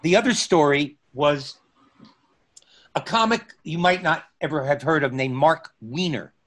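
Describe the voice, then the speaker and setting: A middle-aged man telling a story in casual conversation, unhurried, pausing often and restarting his phrases. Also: fairly high pitch, a bit bright. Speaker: guest recounting stand-up comedy memories.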